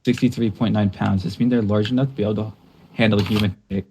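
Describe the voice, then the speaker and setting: A man giving a mock-serious joke monologue in a deadpan manner. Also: lowish voice, fast talker, over a noisy crowd. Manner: deadpan, breaking into laughter.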